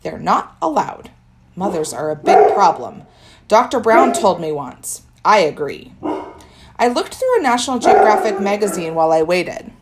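A woman narrating a children's book in first person, expressive and storytelling. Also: medium pitch, moderate pace, very noisy. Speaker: audiobook narrator.

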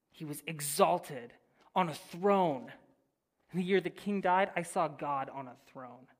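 A preacher reading scripture and teaching, swinging between loud declarations and near-whispered phrases, with casual asides to the listeners. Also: mid-range voice. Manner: casual, addresses listeners as "guys". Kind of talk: sermon with Bible reading and teaching.

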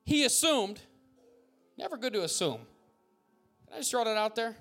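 A man preaching a sermon as pastor, fiery and loud at peaks, with folksy jokes and asides. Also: very high-pitched, big pitch swings, moderate pace, soft background music. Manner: fiery preaching, bursts into shouts.

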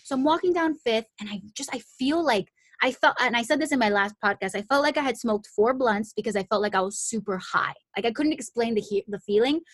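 A woman's voice: on the high side, brisk, hardly any pauses, no room sound. A young adult woman hosting a podcast, telling a personal story in a casual, chatty way, full of "like" and "um" and frequent restarts. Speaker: podcast host.

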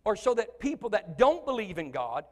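A man preaching as the pastor of a church, in an animated style that swings from shouting to soft conversational asides. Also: high-pitched, moderate pace. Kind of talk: sermon. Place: church sanctuary. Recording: long church hall reverb.

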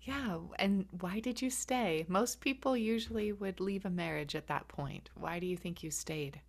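A woman's voice: mid-range voice, normal speed. A woman interviewing a guest, asking attentive, sympathetic questions.

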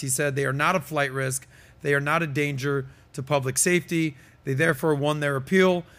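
A man's voice: fairly high pitch, fairly bright tone. A man hosting a podcast, giving casual, emphatic commentary that is full of fillers. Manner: emphatic, quoting and reading aloud, many fillers. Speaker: podcast host.

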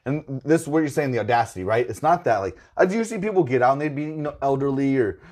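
Fast-talking ranting podcast guest man. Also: medium pitch, expressive, darkish tone. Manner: fast, emphatic ranting with swearing. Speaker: store worker. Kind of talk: casual chat.

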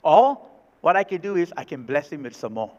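Male pastor, sermon, emphatic, repeats key lines, high voice, long hall reverb. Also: sing-song, brisk, darkish tone. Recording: reverberant hall, dull sound.

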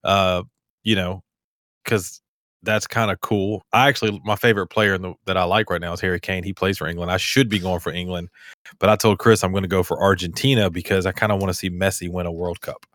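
A man's voice: sits low, fairly even intonation, brisk, fairly bright tone, dry recording, studio quality. A man hosting a podcast, chatting casually, rambling and laughing easily. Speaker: podcast host. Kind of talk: casual chat.

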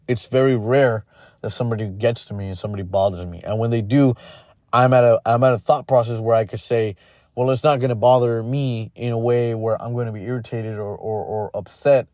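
A man's voice: mid-range voice, fairly even intonation, brisk, darkish tone, no room sound. A man hosting a podcast, giving a blunt, casual motivational monologue full of fillers and restarts. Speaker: podcast host.

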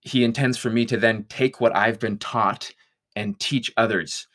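Thoughtful low-voiced man reflecting. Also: fairly even intonation, a little slow, a bit bright. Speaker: guest songwriter. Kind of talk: reflective conversation.

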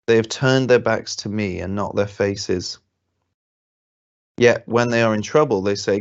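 A man reading scripture aloud in a plain, steady way, with small slips he stops to correct. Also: on the low side, unhurried, dull audio. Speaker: Bible reader.

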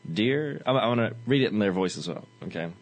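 A man's voice: fairly low pitch, expressive, fast. Young man hosting a spoof show. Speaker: host. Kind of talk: comedic mock radio show.

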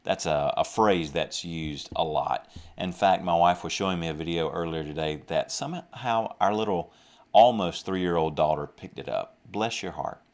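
A young Southern US man preaches a podcast sermon in a very low voice at normal speed. Earnest throughout, he repeats, rephrases and restarts his points, and in asides he mocks a drawl.

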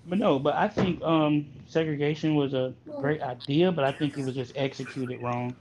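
Higher-voiced man, teasing and animated. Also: normal speed, a little hiss or hum, rough recording. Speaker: podcast co-host. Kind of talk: casual chat.

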